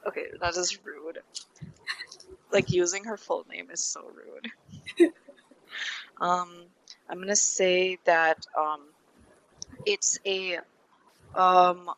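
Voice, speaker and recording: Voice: mid-range voice, steady tone, slow pace, pauses often, fairly bright tone, no room sound, low-quality recording. Tabletop player, casual playful talk, dry sound.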